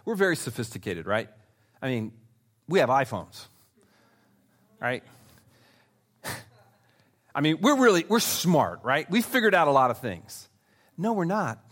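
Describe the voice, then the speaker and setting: A man preaching a sermon, talking straight to his listeners and swinging from loud emphasis to hushed asides. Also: fairly high pitch, very animated, moderate pace, pauses often. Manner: conversational, speaks directly to listeners. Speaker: pastor.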